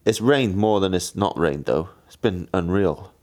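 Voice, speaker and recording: A Welsh pro cyclist and podcast co-host chats casually, spinning rambling stories packed with fillers and mimicked voices. His deep, darkish voice moves at an unhurried pace with lively intonation.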